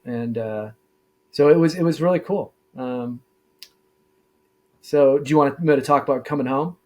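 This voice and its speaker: A middle-aged man, a former deputy sheriff, telling his story in a casual interview, halting with many fillers and restarts. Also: medium pitch, darkish tone.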